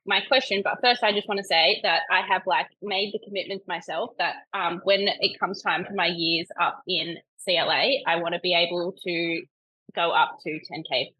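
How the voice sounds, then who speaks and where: A woman's voice: lowish voice, moderate pace, bright, forceful tone, slightly rough, no room sound, low-quality recording. A woman personal trainer guesting on a casual podcast, chatty, leaning on "like" and laughing easily.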